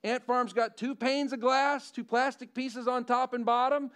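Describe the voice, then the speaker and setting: A man's voice: very high-pitched, fairly even intonation, unhurried, fairly bright tone, clean tone. A middle-aged male pastor preaching a sermon in a conversational way, often asking the congregation questions.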